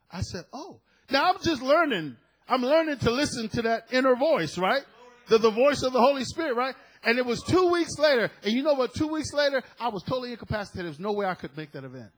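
A middle-aged man preaching a sermon, telling a story with animated quoted dialogue. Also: very high-pitched, fairly quick, husky, rough recording.

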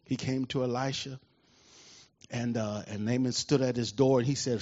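Man, preacher, animated sermon, husky voice, muffled lo-fi sound. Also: medium pitch, moderate pace. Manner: animated, asks the congregation questions. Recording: dull lo-fi recording.

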